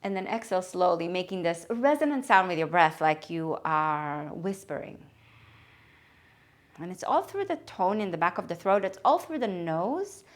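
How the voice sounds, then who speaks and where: A woman yoga teacher giving calm, gentle spoken cues for breathing and movement. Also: on the low side, moderate pace. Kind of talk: guided yoga instruction.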